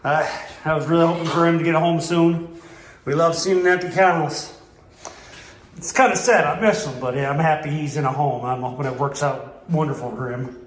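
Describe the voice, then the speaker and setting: A man at an animal shelter chats through the kennels at night and drops into soft baby talk with the dogs. His voice sits a bit high for a man. The hard kennel room gives it a ringing echo, with a faint hiss of noise underneath. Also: fairly even intonation, moderate pace. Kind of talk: casual walkthrough vlog.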